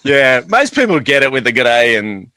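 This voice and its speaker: A man from Australia with an Australian accent, a guest on a podcast, boisterous and matey and quick to laugh. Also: medium pitch, very animated, sharp tone, no room sound. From Sydney, Australia. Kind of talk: casual interview chat.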